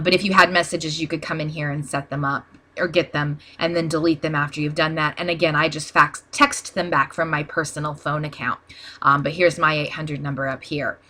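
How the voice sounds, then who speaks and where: Woman, low-ish pitch, bright tone, plain practical tutorial talk, um fillers. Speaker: small business owner teaching ad posting. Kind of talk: casual screen-share tutorial.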